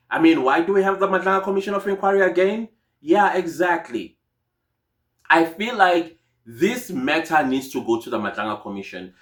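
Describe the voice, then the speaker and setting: A man's voice: mid-range voice, fairly bright tone. A South African man giving casual, indignant commentary on a court case, mixing in Zulu phrases. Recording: echoey room.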